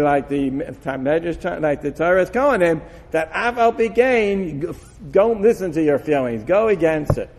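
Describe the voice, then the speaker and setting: A man giving an animated Torah lecture, acting out dialogue with frequent laughs. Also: on the high side, gravelly, a little hiss or hum. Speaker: Torah teacher. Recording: long hall reverb.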